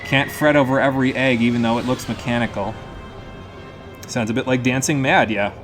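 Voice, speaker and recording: A man's voice: mid-range voice, fairly even intonation, brisk. A man streaming a game live, giving loose, joking commentary with frequent laughs and casual swearing. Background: faint game music.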